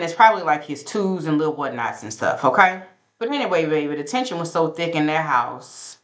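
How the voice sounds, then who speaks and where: A woman's voice: deep voice, fairly bright tone, reverberant. A woman, sassily recapping a reality show episode in a casual, gossipy commentary straight to her viewers.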